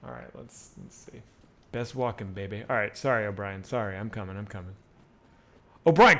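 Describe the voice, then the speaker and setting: A man live-streaming a game and chatting casually with his viewers, rambling and swearing freely. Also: medium pitch. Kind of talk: casual live-stream chat while gaming.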